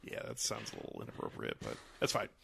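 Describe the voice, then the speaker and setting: A man's voice: fast, background noise. A man hosting a casual film review podcast, laid-back and a little hesitant, with a lot of filler words. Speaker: podcast host.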